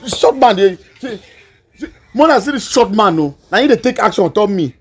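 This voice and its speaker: A high-voiced young man with a Nigerian Pidgin accent, an actor playing a defiant idler who shrugs off blame. He talks back dismissively and keeps picking fights. It is a comedy skit voice. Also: animated, a little fast, husky. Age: young adult. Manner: dismissive, combative. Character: idle defiant young man shirking responsibility. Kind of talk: skit acting.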